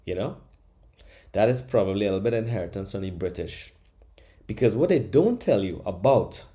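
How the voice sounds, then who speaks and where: Profane, ranting male podcast host, dark tone. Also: lowish voice. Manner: animated, profane, mocking voices in bursts. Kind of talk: comedic monologue rant.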